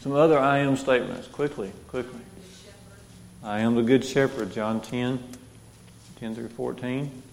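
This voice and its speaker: A man's voice: medium pitch, fairly even intonation, a little slow, vocal fry, pauses often, long reverb tail, slight background noise. A man teaching a Bible class, reading scripture aloud and asking the group questions.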